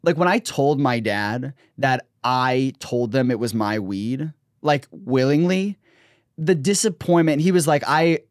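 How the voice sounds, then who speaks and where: A man telling a story in casual chat, animated, jumping into other voices for the people he quotes. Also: mid-range voice, measured pace, no room sound, studio quality. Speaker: guest.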